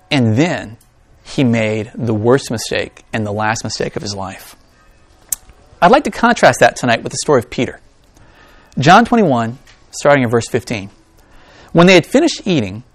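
A man's voice: medium pitch, moderate pace, long pauses, dry recording. A man preaching a sermon, reading scripture aloud and then talking to his congregation with asides and jokes. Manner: reads scripture aloud, then talks to the congregation in an animated, joking way. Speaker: pastor.

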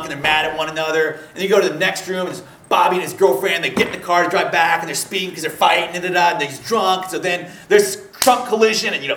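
A man telling a story in casual conversation, rambling and animated, laughing often and slipping into voices for the people he quotes. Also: fairly high pitch, echoey room, distant mic, a little hiss or hum.

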